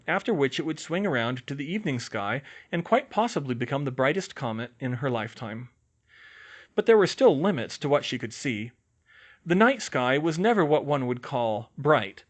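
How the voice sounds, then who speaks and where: A man narrating a fan fiction audiobook in a steady, even storytelling manner. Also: mid-range voice.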